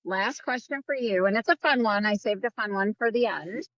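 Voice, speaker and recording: A woman's voice: mid-range voice, normal speed, fairly bright tone, highs cut off. A woman co-hosting a podcast, bantering playfully in casual chat. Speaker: podcast co-host.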